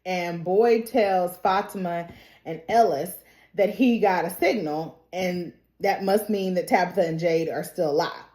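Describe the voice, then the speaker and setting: A woman recapping a TV episode in a lively, casual, very reactive way. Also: fairly low pitch, unhurried. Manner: lively, colloquial, reacts loudly. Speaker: TV recap YouTuber. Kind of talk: animated show recap. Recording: roomy echo.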